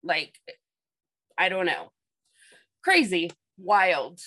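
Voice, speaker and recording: A woman's voice: lowish voice, sing-song, drawn-out words, pushed and bright, rough recording. Woman rambling thru a creepy story, lots of likes and ums. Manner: rambling, repeats herself, many fillers. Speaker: guest telling a paranormal experience. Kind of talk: casual storytelling.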